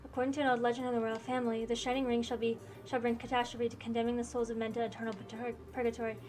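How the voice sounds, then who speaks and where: A woman reading the lines of a solemn, gentle older queen, with stately and formal speech. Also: fairly high pitch, level tone, racing, close to an everyday voice. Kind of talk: reading game dialogue aloud.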